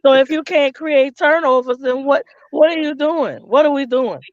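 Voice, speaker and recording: Sounding dejected at first and then heated and scolding, a female co-host talks on a laid-back sports podcast. Her voice sits high at a moderate pace. The recording has no room sound, and its highs are cut off.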